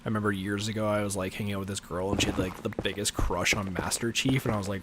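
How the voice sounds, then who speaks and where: A man with a deep voice chatting casually while he plays a game on a livestream, rambling and filler-heavy, often chuckling. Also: fairly even intonation, quick pace, noisy background. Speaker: livestream gamer. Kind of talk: casual gameplay chat.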